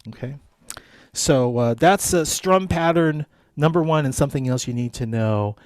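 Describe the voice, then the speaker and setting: A man's voice: on the high side, normal speed, darkish tone, no echo, clean studio sound. A man leading a live guitar lesson, counting beats aloud and coaching his students in a friendly way. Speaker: guitar instructor.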